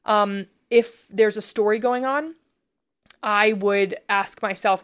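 A woman's voice: medium pitch, steady tone, slow pace. A woman co-hosting a casual faith podcast, explaining step by step in an earnest, chatty way full of "like"s. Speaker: podcast co-host teaching prayer practice.

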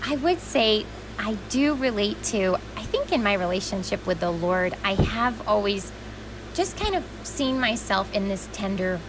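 A young woman speaks softly and earnestly as a podcast guest, warm-hearted and gushing in her praise. Her voice sits at a middle pitch. Steady room noise can be heard behind her. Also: measured pace. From Western New York. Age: young adult. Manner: gentle, earnest and effusive. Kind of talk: casual chat.

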